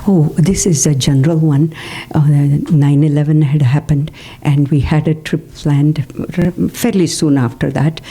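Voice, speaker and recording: An older woman tells personal stories to a spiritual group in a community hall, often pausing with fillers and checking in with "okay?". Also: low voice, fairly even intonation, dark tone, breathy edge. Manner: anecdotal, frequent fillers and "okay?" check-ins. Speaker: devotional speaker.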